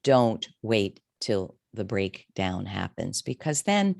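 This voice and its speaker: A woman's voice: very animated, takes it slowly, creaky, few pauses, darkish tone, dry recording, studio quality. A woman in her fifties, a career coach telling her story candidly and emotionally in an interview. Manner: candid, emotional, wide swings in pitch.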